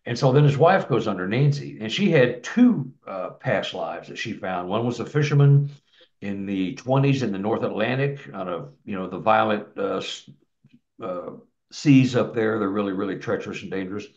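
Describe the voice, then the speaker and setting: A man's voice: fairly low pitch, animated, normal speed, a little mellow. A man telling a long personal story in a rambling, casual way, with many restarts and repeated words. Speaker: guest telling his experiences. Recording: echoey, dull lo-fi sound.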